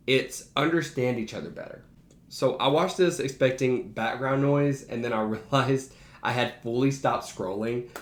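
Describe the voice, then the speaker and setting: Man, teacher, casual ranking, enthusiastic, emphatic, mid-pitched, echoey room. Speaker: teacher and behavior analyst. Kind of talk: casual movie ranking to camera. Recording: roomy echo.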